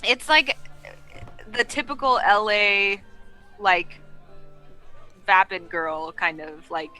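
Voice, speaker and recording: A woman's voice: mid-range voice, animated, slow pace, bright, forceful tone, soft background music, low-quality recording. A woman from Oregon playing a tabletop role-playing game, teasing and laughing in casual chat. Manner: teasing, laughing, Valley Girl phrasing. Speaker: player.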